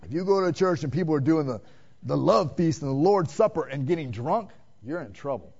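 A man preaching a sermon, asking the congregation questions and swinging between loud emphatic calls and hushed, quiet passages. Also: fairly high pitch, expressive, brisk, creaky, breathy edge. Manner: direct, addresses listeners with "man" and rhetorical questions. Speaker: pastor. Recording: dull lo-fi sermon recording.

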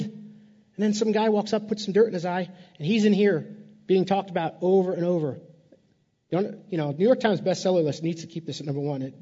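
A man's voice: high-pitched, dark tone, breathy edge, big-room sound. Conversational male preacher, muffled sound. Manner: conversational, repeats words, playful asides. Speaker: pastor. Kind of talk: sermon.

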